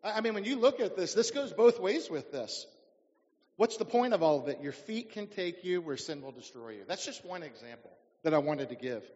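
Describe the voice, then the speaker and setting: High-voiced pastor preaching in a hall. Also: male voice, sing-song, a little fast, darkish tone. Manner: preaching with rhetorical questions to the congregation. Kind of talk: sermon. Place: church sanctuary. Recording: dull sound in a reverberant church hall.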